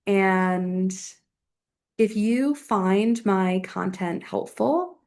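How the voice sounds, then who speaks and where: A woman's voice: mid-range voice, drawn-out words, a little mellow. A young adult woman hosting a solo astrology podcast, chatting casually and thinking aloud with lots of fillers.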